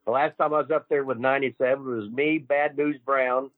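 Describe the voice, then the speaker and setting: A man's voice: mid-range voice, steady tone, fairly quick, no echo. An older man, a guest wrestler, telling stories full of swearing and acting out what others said. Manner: swears constantly, acts out quoted dialogue. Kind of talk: profane storytelling. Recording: tinny phone line, dry.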